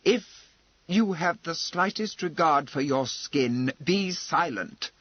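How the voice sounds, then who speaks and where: A stern gentleman speaks in slow, measured sentences, read by a male narrator. His voice is husky and controlled, on a dry, slightly dull recording. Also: on the high side, lively intonation, no echo. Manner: deliberate, stern. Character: calm, deliberate older gentleman.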